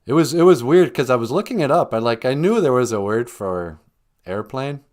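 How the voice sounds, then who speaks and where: A man's voice: medium pitch, lively intonation, moderate pace, darkish tone. A man hosting a casual livestream chat, rambling through dry joking asides. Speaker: show host, cartoonist.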